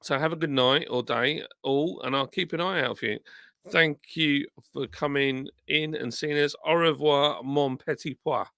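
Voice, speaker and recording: A man's voice: a little high, unhurried, gravelly, pushed and bright, no room sound, clean studio sound. A tired man, streaming live and reading viewer comments aloud in a rambling, self-deprecating, chatty way.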